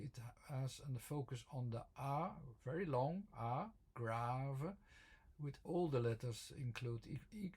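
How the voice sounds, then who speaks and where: Hesitant man with a gravelly, husky voice. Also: medium pitch. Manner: hesitant, many fillers and restarts. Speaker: video presenter explaining his word-form theory. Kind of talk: unscripted explanatory talk.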